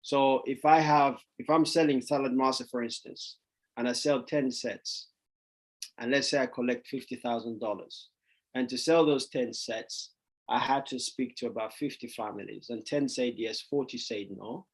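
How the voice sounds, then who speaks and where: A man coaching on sales in a casual Q and A over a video call, rambling and repeating himself, now and then acting out parents yelling no in a much higher voice. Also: steady tone, normal speed, low-quality recording. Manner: rambling, repeats words, stumbles; acts out parents yelling no, voice jumping high. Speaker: sales coach answering questions. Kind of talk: casual Q and A session.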